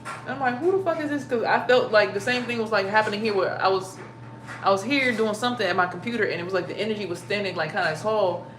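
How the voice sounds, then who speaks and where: A young woman telling a story to her viewers in a casual, profane and animated way, acting out her own startled reactions. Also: medium pitch, fast talker, a little hiss or hum. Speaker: spiritual vlogger.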